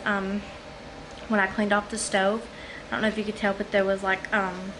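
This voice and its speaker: A woman's voice: medium pitch, background noise. A woman vlogging at home, out of breath and chatting in a rambling way with many ums and likes. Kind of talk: casual talk to camera. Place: at home, living room or kitchen.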